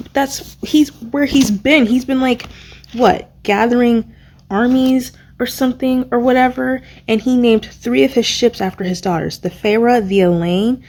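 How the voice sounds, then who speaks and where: A young woman vlogging about a book she just read, rambling and excitable, stopping to search for words. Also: fairly high pitch. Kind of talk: casual reading vlog recap.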